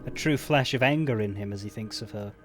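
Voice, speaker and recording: A male streamer reading video game dialogue aloud, halting and stumbling a little over words. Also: lowish voice, a bit bright, faint music behind.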